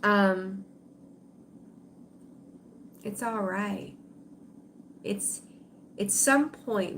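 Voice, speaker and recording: A woman's voice: mid-range voice, drawn-out words, pauses often, a bit bright, slight background noise. A middle-aged woman hosting a tarot livestream, chatting with viewers in an emotional, rambling way full of fillers and restarts. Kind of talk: casual livestream chat with viewers.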